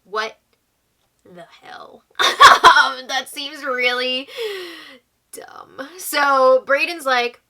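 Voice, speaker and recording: A young woman chats through a casual recap in a very bright, slightly high voice. She reacts with quick exclamations and quotes what others said. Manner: chatty, exclaiming, quoting houseguests. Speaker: recap host. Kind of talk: casual reality-show recap.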